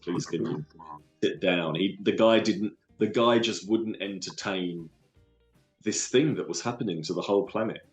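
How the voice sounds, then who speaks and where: Deep-voiced man with a London accent. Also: a little mellow, echoey room. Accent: London English. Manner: earnest, halting with restarts. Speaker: guest. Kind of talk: casual storytelling interview.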